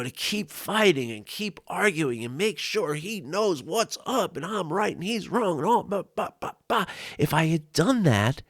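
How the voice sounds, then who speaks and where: A male life coach telling a personal story to camera, earnest and reflective, with frequent "you know" and "right?" asides and soft laughs. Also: a little high, no echo, studio quality. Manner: laughs often between thoughts. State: tearful at times.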